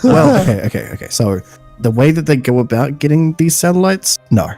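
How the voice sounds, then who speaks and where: A man's voice: fairly high pitch, very animated, a little fast, mellow, faint music behind. A man co-hosting a podcast, chatting casually and throwing in dry, sarcastic asides. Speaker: podcast co-host. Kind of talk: casual chat.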